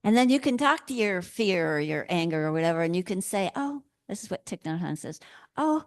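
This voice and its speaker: A woman minister giving a sermon in a gentle, playful way, laughing often. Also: on the low side, expressive, fairly quick, no room sound, clean studio sound.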